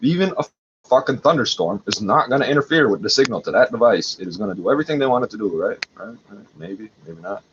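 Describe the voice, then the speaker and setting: A man's voice: lowish voice, expressive, fast talker. Agitated man ranting on a livestream. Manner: agitated, profane, rambling. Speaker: livestream host. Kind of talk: rambling livestream monologue. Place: at home. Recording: dull lo-fi audio with faint noise.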